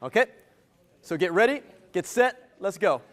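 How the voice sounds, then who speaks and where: A man giving an interactive live keynote as a motivational speaker, energetic and playful, teasing his audience. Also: high-pitched, normal speed. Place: event venue with a live audience.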